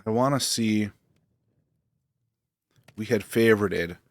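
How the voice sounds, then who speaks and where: Streamer, male, low-pitched, relaxed rambling delivery, dry room sound. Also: slow pace, no room sound. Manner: relaxed, rambling, thinking aloud with fillers. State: hiccups. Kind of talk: casual gameplay commentary.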